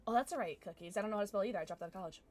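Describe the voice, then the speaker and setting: A woman's voice: medium pitch, racing. A young woman live-streaming, chatting casually and giggling with her viewers. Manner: jumps between soft mumbles and loud squeals. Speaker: livestreamer.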